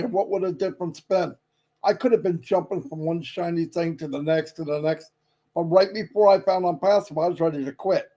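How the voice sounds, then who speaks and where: A man's voice: on the high side, dark tone, low-quality recording. A man chatting casually on a livestream, easygoing and rambling, with fillers and side remarks. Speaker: company leader on a livestream.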